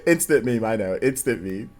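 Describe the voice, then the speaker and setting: Faint music plays behind a man in his 30s running a casual livestream. His lowish voice is expressive and moves at a normal speed as he rambles through stories, laughing often.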